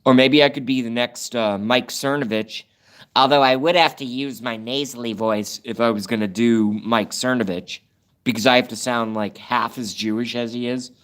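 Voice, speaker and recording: A man's voice: fairly even intonation, moderate pace, clear, resonant tone. Rambling, profane man ranting on a livestream. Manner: rambling, profane, sudden jumps in pitch and loudness. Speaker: livestream host. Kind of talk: ranting livestream, reading chat aloud.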